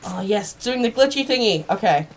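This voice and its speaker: A woman commentating her own gameplay, swearing and yelling at the screen in sudden bursts, sometimes putting on a playful old-fashioned voice, on a cheap mic. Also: mid-range voice, moderate pace, a little hiss or hum. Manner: excitable, swears a lot, sudden outbursts. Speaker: gaming channel host. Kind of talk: solo game commentary. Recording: cheap mic, faint game music.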